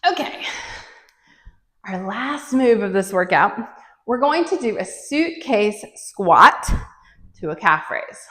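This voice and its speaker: A woman's voice: mid-range voice, expressive, takes it slowly, pauses often, fairly bright tone, roomy sound. A woman fitness instructor leading a workout, counting reps aloud and encouraging, a bit out of breath as she moves.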